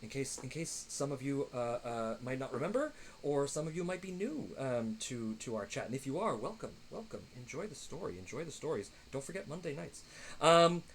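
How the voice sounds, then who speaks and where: Rambling game master, lively pitch. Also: male voice, moderate pace, few pauses, slight background noise, rough recording. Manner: rambling, lots of fillers and restarts. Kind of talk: narrating a tabletop game on stream.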